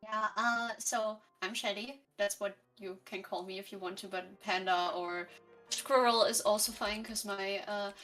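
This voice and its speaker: Female streamer co-host, bright, giggly, casual chat over faint music. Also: medium pitch, fairly even intonation, measured pace. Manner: giggly, bubbly.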